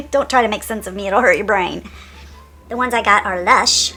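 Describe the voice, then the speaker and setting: A woman's voice: medium pitch, a little slow, bright, forceful tone, breathy edge. A woman hosting a casual get-ready-with-me makeup vlog, playful and giggly with jokey asides. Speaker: beauty vlogger host.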